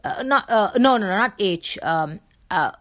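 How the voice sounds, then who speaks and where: Woman vlogger, mid-pitched, loose and playful, rambles with lots of restarts. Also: expressive, measured pace. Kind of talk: casual rambling monologue.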